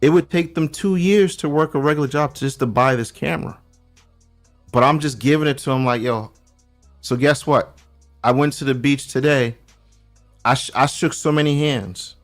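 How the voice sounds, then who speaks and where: Animated New man telling stories. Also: medium pitch, moderate pace, faint music behind. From Brooklyn, New York. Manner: animated storyteller, street slang, restarts a lot. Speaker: guest checking in from abroad. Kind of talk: casual podcast chat.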